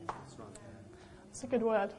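A young woman preaching a sermon in a lively, animated way, acting out the voices she quotes. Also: medium pitch, drawn-out words. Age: young adult.

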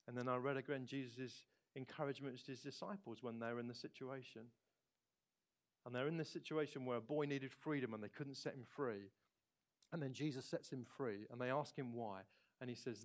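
A man preaching a sermon, swinging between loud bursts and quiet, low asides. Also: expressive, a little fast. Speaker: pastor.

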